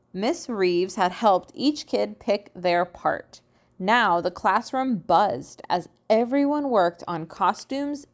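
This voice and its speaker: A woman reads a children's storybook aloud. Her voice rises and falls in a lively, sing-song way, and she takes her time with each phrase. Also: medium pitch. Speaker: storybook reader. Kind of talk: children's read-aloud narration.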